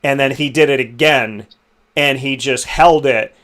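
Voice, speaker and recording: A young man hosting a casual interview, telling stories in an animated, emotional way. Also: medium pitch, unhurried. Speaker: podcast host.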